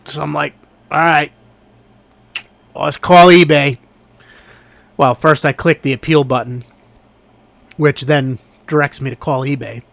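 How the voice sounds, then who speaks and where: A man telling a story in a casual vlog, exasperated and animated as he recounts what happened. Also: fairly high pitch, a little slow, vocal fry, long pauses, no echo. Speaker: online reseller.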